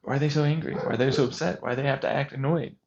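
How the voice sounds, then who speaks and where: A man's voice: mid-range voice, steady tone, racing, gravelly, a little mellow, a little hiss or hum. A man vlogging an intense monologue, agitated and sarcastic as he rants. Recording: dull lo-fi recording.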